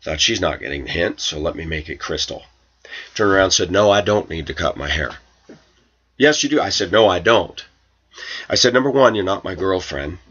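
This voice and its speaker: His voice is deep and a bit bright with a breathy edge, the pace a little fast and the intonation lively, while the highs are cut off. The man vlogs an indignant rant to camera about a coworker, quoting her and himself in a raised voice.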